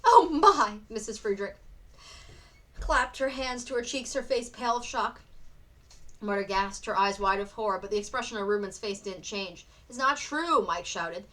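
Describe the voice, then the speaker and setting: A woman teacher reading a novel aloud for students in an expressive storybook narration. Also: medium pitch, moderate pace. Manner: expressive, acts out the characters.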